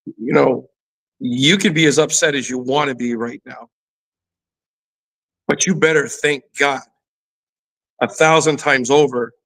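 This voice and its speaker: A man's voice: mid-range voice, a bit bright, rough recording. A middle-aged man, a former athlete turned fitness trainer, candidly telling a personal story in an interview, full of "you know" fillers. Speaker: guest, former pro football player and fitness trainer.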